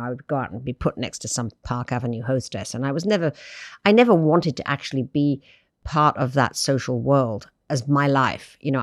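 A woman being interviewed about her years as a magazine editor, telling animated anecdotes with many asides. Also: a bass voice, no echo, studio quality. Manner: animated, anecdotal, lots of "you know". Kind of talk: reflective interview storytelling.

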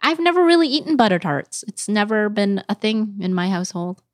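A woman's voice: medium pitch, a little fast, no room sound, studio quality. A woman hosting a casual chat, asking questions and reacting encouragingly. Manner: responsive, encouraging, asks questions.

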